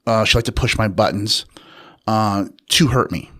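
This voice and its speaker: Unhurried reflective male storyteller. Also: lowish voice, sharp tone. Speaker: interview guest, author and researcher. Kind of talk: personal storytelling in an interview.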